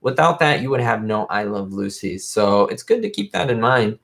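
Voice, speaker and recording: Male host, lowish pitch, loose, chatty fan talk for a live stream. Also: very animated, moderate pace, gravelly, a bit bright. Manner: rambling, fan-like, lots of fillers. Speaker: YouTube host. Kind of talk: casual livestream chat.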